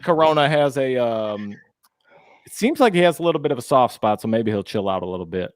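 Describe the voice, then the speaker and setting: A man's voice: mid-range voice, sing-song, brisk, dry recording. A man hosting a casual podcast, laughing easily and joking about his character voices. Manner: laughing, easygoing, does voices. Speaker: podcast host. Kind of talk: casual chat.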